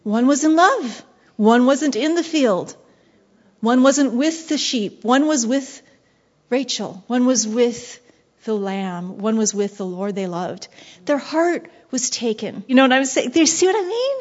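A woman preaching with passion, slipping into hushed whispers and then surging with intensity. Her voice sits on the high side and the recording sounds dull and lo-fi. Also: expressive, measured pace. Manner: passionate, shifting between soft whispers and bursts of intensity. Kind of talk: devotional sermon.

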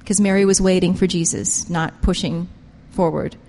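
A woman preaching a sermon with passion, pressing her points hard and swinging between loud emphasis and quiet intensity. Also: lowish voice, fairly even intonation, moderate pace, in a large hall, slight background noise. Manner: impassioned, emphatic, rises and drops sharply in loudness.

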